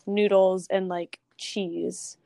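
A young woman, a guest photographer, talking casually in an interview, chatty with quick asides and restarts. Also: mid-range voice, flat delivery, vocal fry, dark tone, no room sound.

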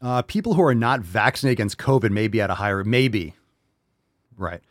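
A man's voice: fairly low pitch, lively intonation, fairly quick, dry recording, studio quality. A man hosting a podcast, delivering a heated, profane opinion monologue with mocking asides. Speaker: podcast host.

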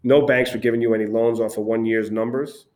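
A man, founder of an agency, telling animated stories as a guest in a casual interview, with frequent restarts. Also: fairly low pitch, a little fast.

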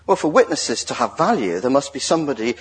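A man giving a sermon in a joking, lively way, drawing the congregation into an exercise. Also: mid-range voice, fast, slightly rough. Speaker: lay preacher. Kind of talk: sermon with audience participation.

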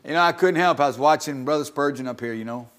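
A man's voice: a little high, fast, a bit bright. Folksy preacher man calling for amens. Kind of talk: sermon testimony. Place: church.

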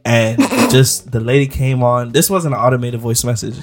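A man guesting on a podcast, talking in a relaxed, teasing way. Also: medium pitch, moderate pace, over music. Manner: laid-back, teasing, says "you know what I'm saying". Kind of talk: casual chat.

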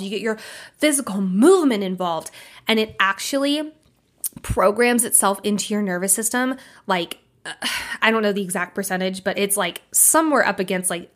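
A woman's voice: mid-range voice, a bit bright. Candid, emphatic woman podcast host. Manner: candid, emphatic, casual with occasional swearing. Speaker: life coach and podcast host. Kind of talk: casual podcast monologue.

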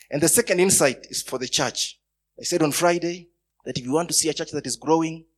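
A man preaching a sermon, telling stories and breaking into loud bursts of emphasis. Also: on the high side.

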